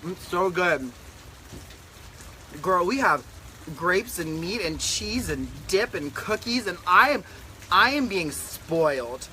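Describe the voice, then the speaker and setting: A man's voice: high voice, animated, slow, sharp tone, a little hiss or hum. A man, a drag queen hosting a casual chat on a back deck, talking in a sassy, campy and profane way into a handheld camera. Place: outdoor back deck in humid rainy weather.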